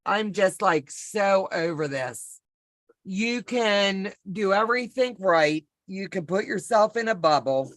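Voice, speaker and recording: A woman's voice: mid-range voice, animated, slow pace, a bit bright, no room sound. Chatty folksy woman on a video call. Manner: chatty, folksy, self-deprecating storyteller. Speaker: co-host of a sewing pattern walk-through. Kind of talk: casual chat, rambling personal story. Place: home.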